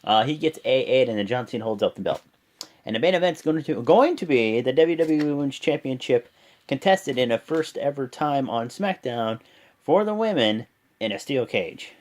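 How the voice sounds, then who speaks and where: Lively man recapping wrestling, rambling. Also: medium pitch, normal speed. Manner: rambling, with many fillers and "and whatnot"; breaks into loud, excited voices when quoting. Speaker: host of a wrestling reaction channel. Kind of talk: casual show recap to camera.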